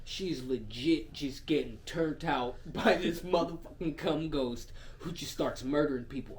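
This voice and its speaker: A man co-hosting a podcast in crude casual chat, cursing and laughing often, swinging between loud and soft. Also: a little high, unhurried, hardly any pauses. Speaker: podcast co-host.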